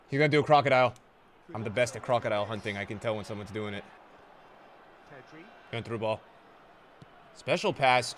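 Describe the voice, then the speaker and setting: A young man streams a football video game, chatting casually with viewers in slang-heavy talk that swings from low mutters to excited shouts. He's brisk but leaves long pauses in this live gameplay commentary.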